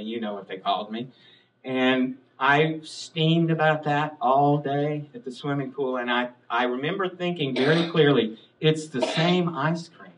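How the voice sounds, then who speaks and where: A man's voice: medium pitch, fairly bright tone, lo-fi sound. Chatty man telling stories from afar. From US South and Midwest. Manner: chatty, anecdotal, laughs often. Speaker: author on a panel. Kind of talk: storytelling conversation. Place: public library event room. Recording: distant mic at a live talk.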